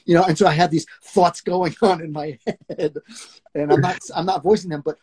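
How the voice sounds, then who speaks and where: A man's voice: fairly high pitch, steady tone, fairly quick, dark tone, breathy edge. A man who is an acting coach, earnestly explaining technique in a casual chat and acting out examples. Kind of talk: casual live discussion.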